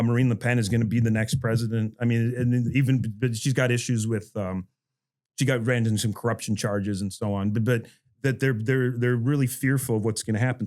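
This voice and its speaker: A man's voice: medium pitch, a little mellow. Rambling middle-aged male professor. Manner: rambling, many restarts and asides, chuckles while talking. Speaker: history professor on a faculty podcast. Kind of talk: casual panel discussion.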